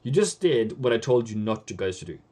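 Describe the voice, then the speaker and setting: Running his live forex trading stream, this native Norwegian speaker delivers blunt scoldings and hammers points home through repetition. He speaks briskly in a dark, low voice with big pitch swings.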